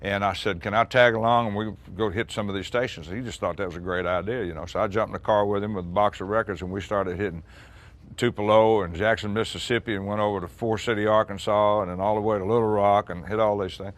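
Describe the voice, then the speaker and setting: A man in his sixties, a musician recounting an old recording session in relaxed, chatty storytelling. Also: fairly low pitch, quick pace. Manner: chatty, acts out quoted dialogue, frequent restarts and laughs.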